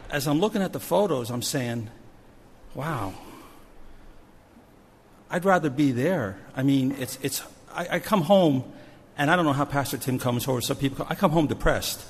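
A man, a missions pastor, telling a story from a trip as part of a sermon, animated and shifting in loudness. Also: mid-range voice, brisk, slight background noise. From New Jersey. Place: church sanctuary. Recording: long church hall reverb.

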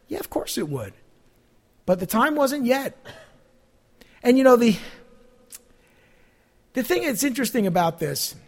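A male pastor with a notably high-pitched voice delivers a sermon. He talks in a relaxed, conversational way, full of everyday asides. His voice rises and grows louder on the phrases he wants to stress. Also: slightly rough. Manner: conversational preaching with fillers, rising emphasis on key phrases.

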